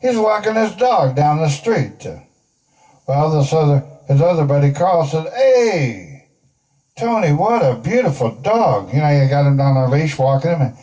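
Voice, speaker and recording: New comic telling one-liners live. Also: male voice, fairly high pitch, normal speed, mellow, distant mic, poor audio. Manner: punchy one-liners with voiced characters. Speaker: stand-up comedian. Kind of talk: stand-up joke telling. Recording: live show from off-mic with audience.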